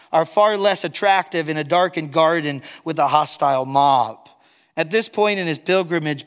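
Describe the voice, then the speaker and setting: A man preaching a sermon as pastor, earnest, swinging between loud emphatic stretches and quiet, low asides. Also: long reverb tail. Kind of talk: expository sermon.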